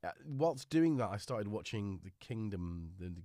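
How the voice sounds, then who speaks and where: A middle-aged man congested with a cold hosts a livestream, chatting in a rambling, jokey, self-mocking way. His fairly low, mellow voice is animated yet unhurried. The sound is clean studio quality with no echo.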